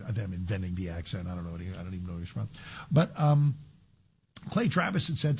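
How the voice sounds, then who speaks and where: Emphatic talk radio host with a husky voice. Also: male voice, deep voice, lively intonation, quick pace, darkish tone. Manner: emphatic, sarcastic, with frequent restarts. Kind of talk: conservative talk radio monologue. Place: radio studio. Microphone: studio microphone.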